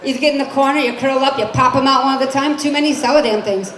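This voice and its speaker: A woman's voice: high voice, fast talker, fairly bright tone. Brassy lady comic in her 40s, chatty stand-up, club crowd laughing, noisy room. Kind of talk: stand-up comedy set. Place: comedy club stage. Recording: echoey club with crowd noise. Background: crowd laughter and room noise.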